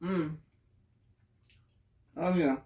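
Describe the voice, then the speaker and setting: A woman's voice: low-pitched, drawn-out words, dark tone, breathy edge, dry recording, clean studio sound. A woman chatting casually in a home cooking and gardening vlog, savoring her food with little murmurs.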